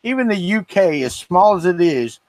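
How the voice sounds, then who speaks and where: A man's voice: high-pitched, very animated, moderate pace, no echo. A man from Florida with a Southern accent, co-hosting a livestream in casual, teasing, rambling chat. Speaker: co-host of a livestream.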